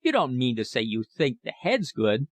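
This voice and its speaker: A man's voice: mid-range voice, very animated, normal speed, dry recording. A man reading the part of a dashing, argumentative young American in an audiobook. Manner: argumentative, self-assured.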